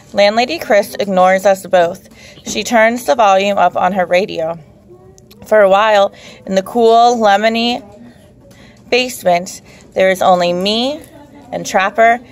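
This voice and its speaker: A woman narrates a first-person children's story in a calm, measured way. Her voice sits in a middle pitch, and her storytelling is steady and unhurried. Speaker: audiobook narrator.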